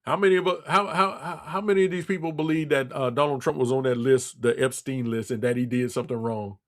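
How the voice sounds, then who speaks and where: A man's voice: mid-range voice, fairly even intonation, fast talker. A man hosting a radio talk show, delivering a blunt, scolding political monologue with lots of repetition. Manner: blunt, scolding, repeats himself.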